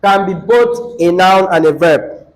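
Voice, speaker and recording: Slow-spoken man teaching a class. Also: high voice, rough recording. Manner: asks the class questions, repeats key phrases. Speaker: English teacher. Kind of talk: classroom lesson.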